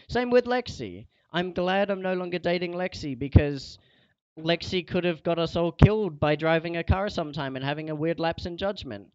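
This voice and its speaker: A man's voice: on the high side, lively intonation, normal speed, no echo, lo-fi sound. A young man streaming a game, lecturing and scolding a teammate in casual chat.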